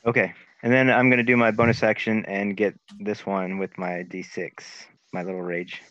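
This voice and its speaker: A man's voice: fairly low pitch, flat delivery, moderate pace, a bit bright, no room sound, dull audio. A man playing a tabletop game, talking casually and laughing easily. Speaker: player.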